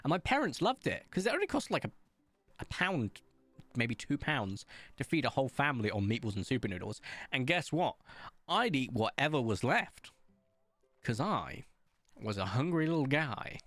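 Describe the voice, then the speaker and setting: A man's voice: medium pitch, big pitch swings, moderate pace, pauses often, a bit bright, dry recording. Man with a posh English accent. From England, Somerset. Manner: rambling anecdotal storytelling with frequent ums. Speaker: streamer. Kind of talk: casual chat while gaming.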